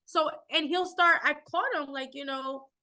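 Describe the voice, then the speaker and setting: A woman's voice: sits high, normal speed, bright, forceful tone. A woman guest on a podcast, chatting in a reflective, casual way with plenty of fillers. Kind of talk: casual interview chat.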